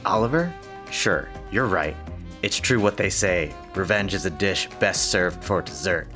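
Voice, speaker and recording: A man's voice: low voice, animated, a little slow, sharp tone, faint music behind, heavily acted. A man voicing a snarling, greedy male ex-convict who growls out menacing taunts.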